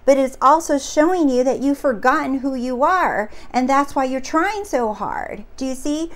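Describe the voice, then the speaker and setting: A woman coaching her viewers in a casual, earnest spiritual talk that repeats itself and gets excitable. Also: sits high, normal speed, hardly any pauses. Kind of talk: casual teaching monologue.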